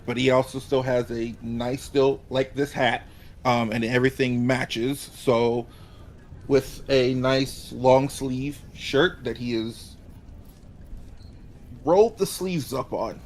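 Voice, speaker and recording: A man playing a tabletop game who talks quickly and stammers. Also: medium pitch, fairly even intonation, darkish tone, a little hiss or hum. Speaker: player.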